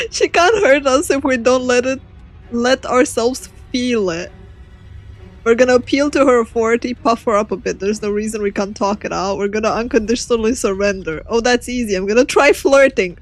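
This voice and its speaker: A young woman streamer giving giggly, animated gameplay commentary and reading the game's choices aloud. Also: fairly high pitch, moderate pace, faint music behind.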